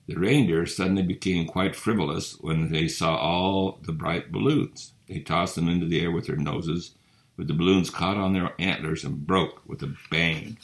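A man with a very low, gravelly voice reads a children's Christmas story aloud. His delivery is gentle and unhurried, with plenty of fry at the ends of phrases. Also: fairly even intonation.

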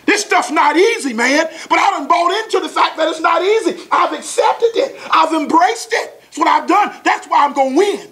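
A man's voice: extremely high pitch, animated, moderate pace, few pauses, pushed and bright. A man in his forties giving a motivational talk, telling a family story in a folksy, chuckling, exclamatory way. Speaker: motivational speaker. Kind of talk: animated storytelling talk to an audience.

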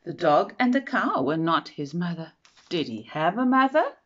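A woman reading a children's storybook aloud in an expressive, measured way. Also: on the low side. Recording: dull lo-fi recording.

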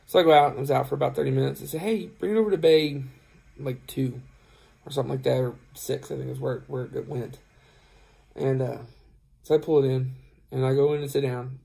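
A man's voice: medium pitch, fairly even intonation, a little fast, gravelly, mellow. A tired man who drives trucks telling a rambling story to camera, acting out both sides of the conversation with plenty of fillers. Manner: rambling, retells dialogue, many fillers. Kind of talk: casual storytelling vlog.

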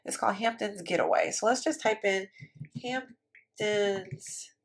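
A Sims building YouTuber chats casually while constructing in the life-sim game, thinking aloud and speaking to her viewers. She has a mid-range voice and a measured pace.

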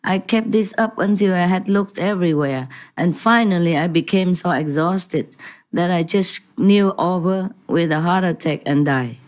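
A woman's voice: on the low side, moderate pace, natural voice. A woman voicing a dead wife explaining how she died, in a plain telling tone. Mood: recounting. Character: woman who died of a heart attack, indignant storyteller.

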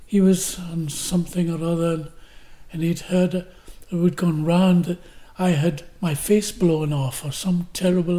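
An older man with a Glasgow accent, telling a story with theatrical flair. He acts out cries and quotes, tosses in rhetorical questions, and speaks with a mellow, soft-edged tone. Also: sits high. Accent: Glaswegian. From Scotland. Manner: fillers and restarts, rhetorical questions. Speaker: actor, interview guest. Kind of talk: anecdotal storytelling in an interview.

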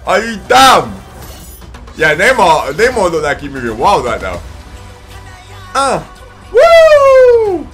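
Excitable London man, high lively voice. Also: unhurried, pauses often. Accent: London English. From London, England. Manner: excitable, bursts into whoops and shouts. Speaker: trailer reaction host. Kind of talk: casual live reaction. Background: trailer music playing faintly.

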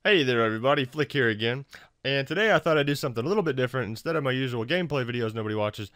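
A man narrating a casual software tutorial for his video channel, loose and full of fillers and restarts. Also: medium pitch, expressive, rapid-fire, no echo. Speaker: YouTube tutorial maker.

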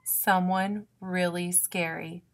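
A woman's voice: on the low side, steady tone, slow. Woman doing a nervous raccoon, hesitant, fretful, dramatic, storybook voice. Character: nervous worrying raccoon, full of what-ifs.

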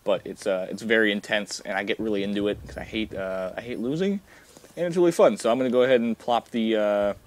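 A young man rambles casually over a video game as a gameplay commentator, full of fillers and restarts, talking fast in a fairly low voice.

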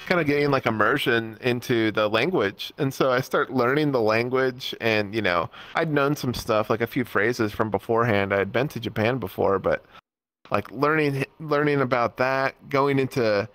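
A young-adult guest chats casually on a podcast with a middle-pitched voice. The talk rambles, full of fillers and bursts of laughter. The sound is close and dry, with no room around it. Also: a bit bright, no room sound. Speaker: guest, VTuber and VR world creator.

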